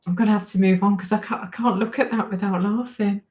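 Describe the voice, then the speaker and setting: A woman's voice: mid-range voice, steady tone, fast, darkish tone. Giggly woman chatting on a livestream. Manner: giggly, keeps breaking into laughter; chatty and self-deprecating. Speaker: livestream host. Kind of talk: casual livestream chat reading comments.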